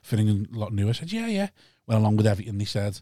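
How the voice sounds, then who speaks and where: A man's voice: fairly low pitch, little pitch movement, rapid-fire, warm tone, no room sound, clean studio sound. Chatty man hosting a podcast. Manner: chatty, recounts gossip with quoted asides. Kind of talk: casual chat.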